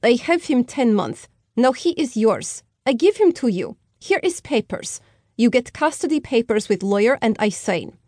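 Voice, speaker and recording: A woman's voice: a little high, sing-song, normal speed, dark tone, no room sound, clean studio sound, pitched above the performer's own voice. Woman putting on a curt Slavic-accented young woman. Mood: dismissive. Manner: curt, snapping, broken English. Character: brash young woman abandoning her baby.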